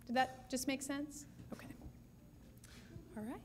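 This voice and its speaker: A woman, a speech-language pathologist, answering audience questions at a breakout session in an explanatory, measured way, often restarting her sentences. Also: high-pitched, fairly even intonation, background noise.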